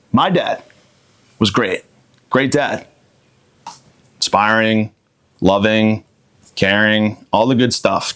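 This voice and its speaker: A man hosting a podcast, delivering a crude, cocky comedic monologue in a deadpan manner. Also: fairly low pitch. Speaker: podcast host.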